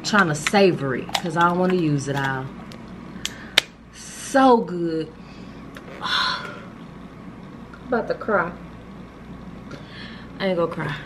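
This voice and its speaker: A woman's voice: lowish voice, lively intonation, measured pace, long pauses, noisy background. A woman, chatting casually and gushing to viewers as she unboxes gifts for her vlog, filmed on a handheld camera. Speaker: vlogger.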